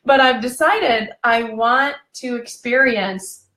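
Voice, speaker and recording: A woman relationship coach giving a chatty, animated live video training, laughing often and drifting into tangents. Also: a little high, slow pace. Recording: echoey room.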